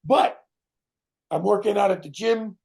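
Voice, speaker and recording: A middle-aged man, a guest actor in a casual interview who tells animated stories, swears and acts out other people's voices. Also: sits high, unhurried, gravelly, husky. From Canada.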